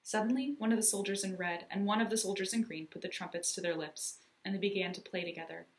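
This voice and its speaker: A woman reading a children's story aloud with expressive, lively storytelling. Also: medium pitch, fast, roomy sound. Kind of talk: storybook narration.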